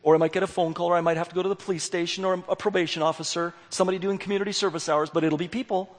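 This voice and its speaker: A man's voice: high-pitched, fairly even intonation, racing. A man giving a candid, self-deprecating sermon as a youth worker, acting out his own dialogue. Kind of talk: sermon with storytelling. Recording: long hall reverb.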